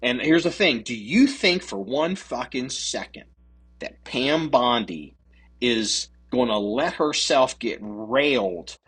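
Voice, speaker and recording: Man, podcast co-host, casual political chat, profane, lively intonation, husky voice. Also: medium pitch, takes it slowly. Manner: profane, animated, mocking voices of others.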